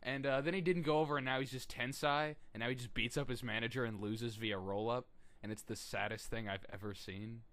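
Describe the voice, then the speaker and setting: A young man co-hosting a podcast, chatting casually, laughing often and shouting out quoted lines. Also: mid-range voice, fairly even intonation, fairly quick. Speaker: podcast co-host. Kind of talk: casual chat.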